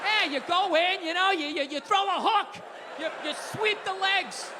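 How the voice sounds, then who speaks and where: A middle-aged man doing a stand-up comedy rant, profane and exasperated, breaking into shouts. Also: very high voice, moderate pace, a loud crowd, very noisy. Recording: reverberant theater stage.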